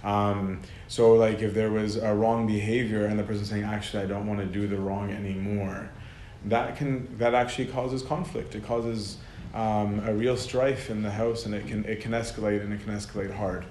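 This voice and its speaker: A man with a fairly low, slightly mellow voice and little pitch movement talks at normal speed, hardly pausing. It's a casual lecture, conversational and filler-heavy, with laughter often slipping in mid-sentence, recorded in an echoey room with faint ambient noise.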